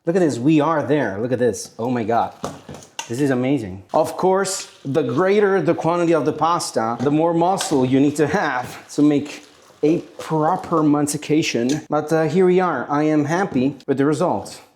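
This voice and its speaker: Playful home cook. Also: male voice, on the high side, moderate pace, darkish tone, slight background noise. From Italy. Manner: playful, exclamatory, self-mocking. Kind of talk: cooking demonstration.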